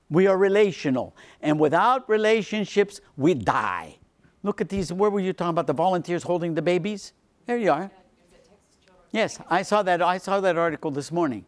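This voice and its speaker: A man, a priest, giving a lecture on faith to a seminar, repeating phrases for emphasis and dropping into quiet low asides. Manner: animated, swings between emphatic lines and quiet low asides.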